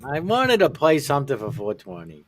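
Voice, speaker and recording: A man's voice: mid-range voice, wildly swooping pitch, a little fast. A man hosting a live stream, chatting casually with crude jokes and swearing. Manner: crude, joking, swears freely.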